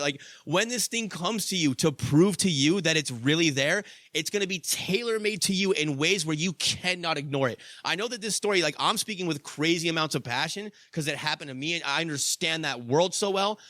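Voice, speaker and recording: Young male host, fairly high bright voice, dry close sound, animated storyteller who drops into low asides. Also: brisk, few pauses, no room sound. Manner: animated, profane, swings from loud excitement to low asides. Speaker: podcast host. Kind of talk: casual storytelling monologue.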